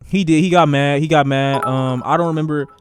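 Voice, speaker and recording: A man streaming a casual storytime, animated and profane, repeating phrases for emphasis. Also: fairly high pitch, a little fast, smooth, no echo, clean studio sound, faint music behind.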